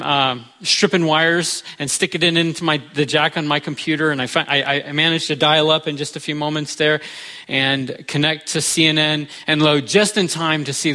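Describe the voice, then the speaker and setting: A man's voice: a little high, pushed and bright. A middle-aged American man, a pastor, giving a sermon in an earnest, conversational storytelling manner. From United States.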